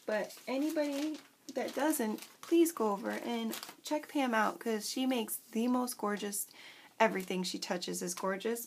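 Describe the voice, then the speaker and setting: Gushing woman with a gravelly edge. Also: fairly high pitch, slight background noise. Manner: gushing, excitable, chatty. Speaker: craft vlogger. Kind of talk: casual unboxing chat.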